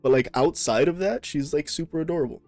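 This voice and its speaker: A man's voice: a little high, quick pace, darkish tone, faint music behind. Swearing man retelling scenes. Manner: swears freely, retells scenes with acted-out quotes. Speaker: podcast host. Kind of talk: casual chat.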